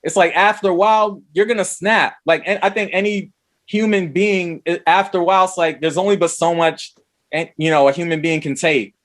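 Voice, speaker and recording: A man co-hosts a podcast in loose casual chat. His voice sits a little high, and he rambles, restarts and swears freely. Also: fairly even intonation, fairly quick, a bit bright. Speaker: podcast co-host. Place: DC area.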